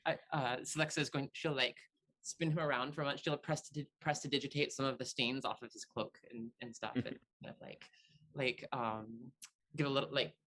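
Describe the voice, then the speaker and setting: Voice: mid-range voice, fairly bright tone. A tabletop game player describing their character's actions, hesitant with many fillers.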